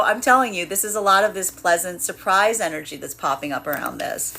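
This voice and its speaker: A woman's voice: on the low side, expressive, a little fast, few pauses, a bit bright. A woman giving a live tarot reading in a rambling, chatty way, full of fillers and frequent laughs. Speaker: tarot reader.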